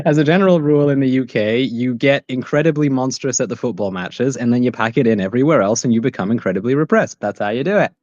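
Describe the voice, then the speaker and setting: A man's voice: medium pitch, lively intonation, a little fast, a little mellow, no room sound. A man with a Yorkshire accent, chatting and joking on a livestream with lots of fillers. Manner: rambling, joking, many fillers. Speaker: livestream host. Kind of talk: casual chat. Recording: dull lo-fi stream audio.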